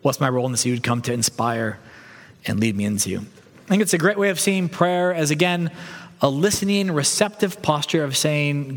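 A man delivers a sermon as pastor, his voice sitting a touch higher than most men's. He talks in an earnest, reflective and gentle way. His words ring out with the long reverb of a church hall. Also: expressive, normal speed.

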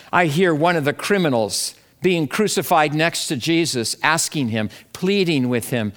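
A man preaching a Good Friday sermon in a slow, measured, reflective way. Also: a little high, expressive, fairly bright tone. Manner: slow, measured and reflective, acting out quoted voices. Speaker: pastor.

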